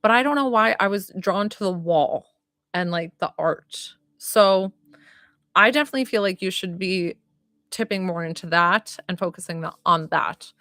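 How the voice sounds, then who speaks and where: A woman's voice: on the low side, moderate pace, fairly bright tone, no echo, studio quality. A woman giving live-stream psychic readings, chatty and giggly, full of likes and ums. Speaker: psychic reader.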